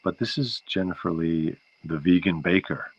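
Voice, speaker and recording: Guy hosting his stream from home, chatty and all over the place, deep voice, muffled laptop sound. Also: normal speed, breathy edge. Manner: rambling and easily sidetracked. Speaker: livestream show host. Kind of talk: casual chat with viewers. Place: home, near an outdoor porch area. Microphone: laptop microphone. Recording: dull lo-fi sound.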